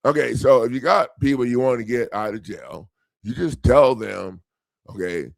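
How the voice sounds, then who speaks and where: Middle-aged male coach, gravelly and animated, casual storyteller who acts out quotes. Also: mid-range voice, moderate pace, dry recording. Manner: animated, profane, laughing, acts out quoted voices. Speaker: legal self-help coach.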